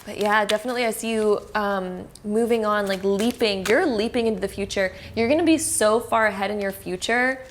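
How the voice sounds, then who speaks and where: A woman reads tarot cards for her viewers in a chatty, reassuring way, often pausing on fillers as she goes. Her voice sits at a middling pitch. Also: a little hiss or hum. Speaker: tarot card reader. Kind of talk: casual tarot reading to camera.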